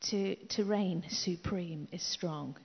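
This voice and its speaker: A middle-aged woman preaching a sermon in an emphatic way, repeating key phrases and dropping into soft asides. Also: fairly low pitch, slow, slightly rough. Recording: dull echoey hall recording.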